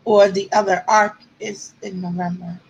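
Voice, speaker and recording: A woman's voice: medium pitch, flat delivery, moderate pace, vocal fry, highs cut off, slight background noise. A woman author chatting with her viewers on a livestream, answering comments and close to tears at times. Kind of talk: casual livestream chat.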